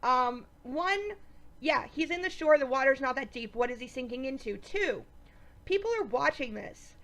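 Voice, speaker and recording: A woman giving a casual, profane, animated recap of a TV episode, full of sarcastic asides and quick reactions. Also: sits high. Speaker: TV episode reviewer.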